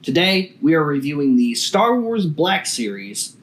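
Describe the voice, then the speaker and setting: A man's voice: on the high side, sing-song, a little slow, a bit bright. A man hosting a casual toy review video, chatty and enthusiastic.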